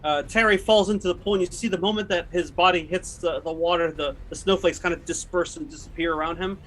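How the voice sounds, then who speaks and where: Casual, halting male game master. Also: sits high, steady tone, a bit bright, a little hiss or hum, poor audio. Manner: casual, halting, lots of fillers. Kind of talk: narrating a tabletop horror game.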